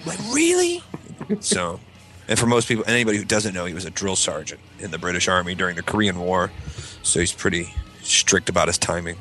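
A man telling stories in a casual podcast chat, acting out shouted lines from other people with big jumps in pitch. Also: fast talker, faint music behind. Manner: animated storyteller, acts out yelled voices. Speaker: podcast panelist.

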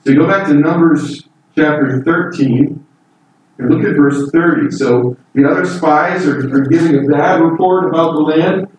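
A man's voice: fairly high pitch, moderate pace. A man preaching a Bible sermon in an earnest, emphatic way, voice lifting on key points. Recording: echoey room from far off with faint noise.

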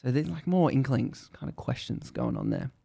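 A man's voice: medium pitch, huge pitch swings, normal speed, creaky, dark tone, husky. A man hosting a podcast, casually retelling a book's story in a loose, rambling way with many restarts.

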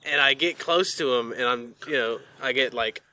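A man's voice: medium pitch, normal speed, sharp tone. A young man as a podcast guest, telling school stories casually and laughing along. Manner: laid-back, laughs through his stories. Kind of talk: casual chat, storytelling.

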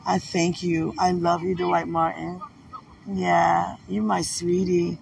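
A woman's voice: on the low side, flat delivery, slow pace, creaky, recorded from a distance, a little hiss or hum. A woman recording a casual, heartfelt video message of thanks, emotional and devout, rambling with many fillers. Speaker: fiancée giving thanks.

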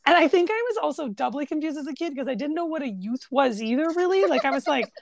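A woman's voice: high voice, fast, gravelly, no echo. A woman from Canada co-hosting a podcast, chatting casually and retelling movie scenes with laughter. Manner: storytelling, laughing, animated retelling. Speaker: podcast co-host. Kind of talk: casual chat.

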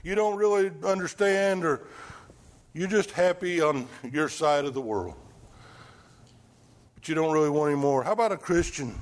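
A man preaching a folksy sermon, swinging from loud bursts down to hushed lines. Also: a little high. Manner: animated, swings from shouting to near-whisper, folksy.

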